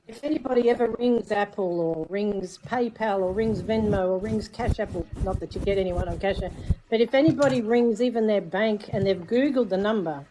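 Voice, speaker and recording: A woman's voice: mid-range voice, normal speed. A woman, a guest on a livestream, giving emphatic advice in casual chat. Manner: emphatic, advising. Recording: noisy background.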